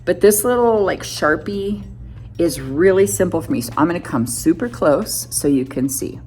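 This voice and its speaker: A woman's voice: fairly low pitch, animated, moderate pace, darkish tone. A woman in her fifties, a beauty vlogger, chatting casually and a little self-deprecatingly as she talks through each step of her makeup tutorial.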